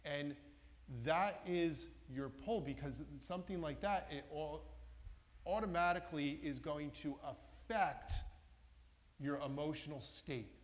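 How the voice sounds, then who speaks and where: A man's voice: fairly high pitch, unhurried. A man giving an interactive workshop talk to a live audience, often putting questions to them. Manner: engaging, asks the audience questions. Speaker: workshop presenter. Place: large meeting room with a masked audience. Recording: long reverb from a hall.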